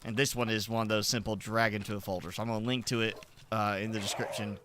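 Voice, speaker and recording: A man's voice: fairly low pitch, steady tone, fast, fairly bright tone, slight background noise. A man streaming a game, chatting casually with viewers in loose, rambling explanations full of restarts. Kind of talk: casual livestream chat.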